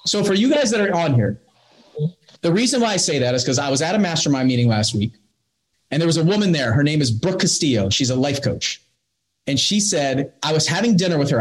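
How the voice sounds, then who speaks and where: A man in his thirties, hosting an online coaching call and giving a rambling, energetic motivational talk. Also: a little high, low-quality recording. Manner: energetic, rambling and repetitive, with animated retold quotes.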